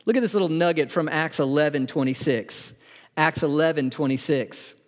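A man's voice: fairly high pitch, normal speed. A man preaching a conversational sermon as pastor, asking his listeners many rhetorical questions and often restarting words. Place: church sanctuary. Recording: long hall reverb.

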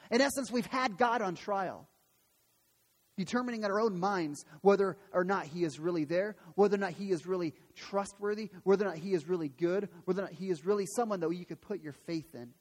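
Man pastor preaching, earnest and emphatic, high voice, church echo. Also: brisk. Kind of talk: sermon. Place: church sanctuary. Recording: long hall reverb.

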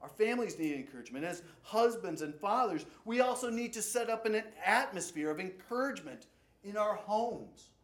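A male pastor delivers a sermon with a high-pitched voice. He swings dynamically between loud, urgent passages and hushed, low ones. The sound carries the echo of a large room. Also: expressive, moderate pace.

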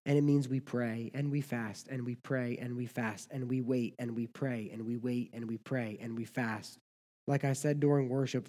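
Man preaching in a reverberant hall. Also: medium pitch. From United States. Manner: animated preaching, swings from loud to hushed. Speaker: pastor. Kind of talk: sermon.

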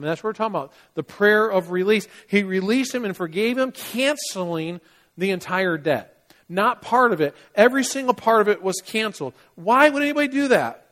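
A man's voice: high-pitched, expressive, fairly quick, fairly bright tone. A man preaching a sermon in a conversational way, asking his listeners rhetorical questions. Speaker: pastor.

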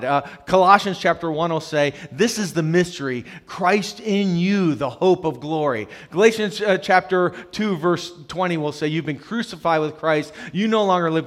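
A young adult man preaching a sermon, swinging between loud emphatic passages and hushed quiet ones. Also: on the high side. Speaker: pastor.

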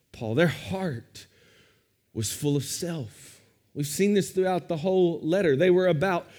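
A man preaching a sermon as pastor, with expressive rises and drops for emphasis. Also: on the high side.

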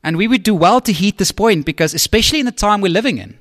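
A man's voice: high-pitched, lively intonation, quick pace, fairly bright tone, no room sound, clean studio sound. A man preaching as a pastor, talking conversationally and often checking in with the congregation. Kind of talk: sermon.

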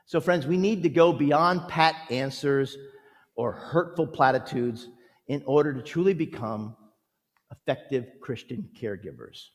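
A man preaching a sermon as a pastor, gentle and earnest, telling stories and leading prayer. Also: medium pitch, measured pace. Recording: long hall reverb.

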